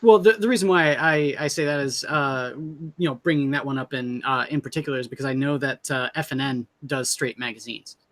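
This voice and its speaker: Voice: mid-range voice, brisk, hardly any pauses. A co-host chatting casually on a comics livestream, often stammering and restarting. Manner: hesitant, stammering. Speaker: podcast co-host.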